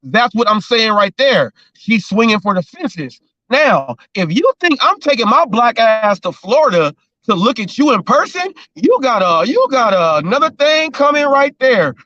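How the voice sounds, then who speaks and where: A man's voice: very high voice, big pitch swings, moderate pace, sharp tone, dry recording, lo-fi sound. A man hosting a casual talk show, rambling and riffing with jokes and repeated phrases. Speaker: show host.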